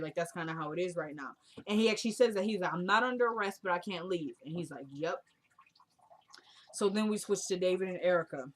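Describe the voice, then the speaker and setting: A woman casually recapping a TV drama episode, retelling the scenes and quoting the characters in a chatty, opinionated way. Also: lowish voice.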